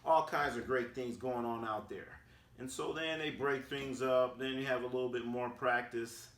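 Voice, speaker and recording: A man from Oakland in a casual storytelling recap, animated and acting out quotes with slang. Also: medium pitch, normal speed. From Oakland, California, USA. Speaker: sports vlogger. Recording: roomy sound, distant from the mic.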